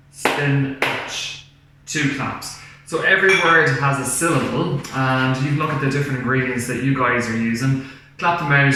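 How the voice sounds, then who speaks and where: A man, a primary school teacher giving a cooking lesson to children and asking them questions in a slow, clear, encouraging way. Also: medium pitch, fairly bright tone. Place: home kitchen. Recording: very echoey room, faint background noise.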